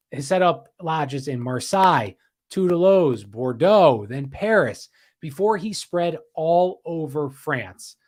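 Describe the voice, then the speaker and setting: A man hosting a casual livestream history podcast, rambling, repeating himself and reading out viewer comments. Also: fairly high pitch. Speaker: podcast host.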